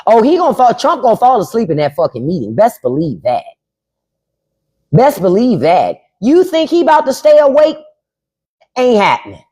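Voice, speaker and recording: Blunt, lively-voiced woman livestreamer. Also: a little high, moderate pace, slightly rough. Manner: blunt, profane, repeats herself for emphasis; reads out chat and spells names. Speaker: podcast host. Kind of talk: casual live-stream chat.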